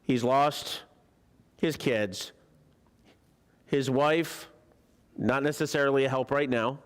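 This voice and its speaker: Slow and clean-toned, this medium-pitched man is a preacher teaching a Bible lesson in a church sanctuary. He keeps the conversational sermon chatty and full of jokes, often asking the congregation questions.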